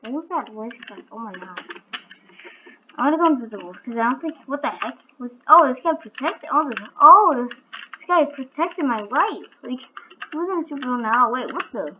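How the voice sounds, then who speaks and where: Bright, sharp-toned woman host, excitable and giggly, for casual gameplay commentary over a dull lo-fi mic with faint hiss. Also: high-pitched, moderate pace. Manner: excitable, giggly, frequent exclamations. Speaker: gaming channel host.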